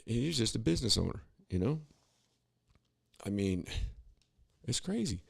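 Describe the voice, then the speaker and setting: A man's voice: mid-range voice, big pitch swings, moderate pace, creaky, breathy edge, dry recording, clean studio sound. A man co-hosting a podcast, talking in a rambling, opinionated way with many restarts and asides. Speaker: podcast co-host. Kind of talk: casual political commentary.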